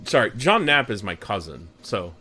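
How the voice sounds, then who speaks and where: A man's voice: on the low side, big pitch swings, normal speed, sharp tone. A man with a Texan accent hosting a live stream, chatting casually with viewers in a rambling, jokey way. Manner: rambling, chatty, jokey, talks to chat by name. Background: background music.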